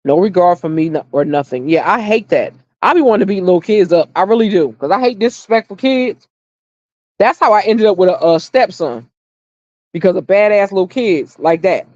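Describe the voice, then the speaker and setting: A middle-aged woman talks straight through a casual livestream, blunt and salty, leaning on repeated lines to drive her point home. Her voice sits at an ordinary pitch for a woman. The sound is dry and a bit dull, like lo-fi home stream audio. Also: animated, a little fast, darkish tone, dry recording. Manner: blunt, opinionated, swears freely; storytelling, emphatic repetition. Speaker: livestream host.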